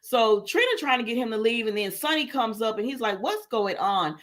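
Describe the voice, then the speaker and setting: A woman's voice: a little high, quick pace, fairly bright tone. A woman hosting a casual livestream, recapping a soap opera episode, quoting the characters as she goes and answering viewer comments, with frequent laughs and fillers. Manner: laughs often, lots of fillers. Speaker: soap opera review host.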